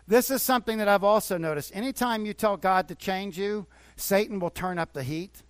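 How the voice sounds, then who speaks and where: A man's voice: sits high, a little fast, hardly any pauses, no echo. A man preaching a sermon as a pastor, talking earnestly and conversationally, repeating phrases for emphasis. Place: church.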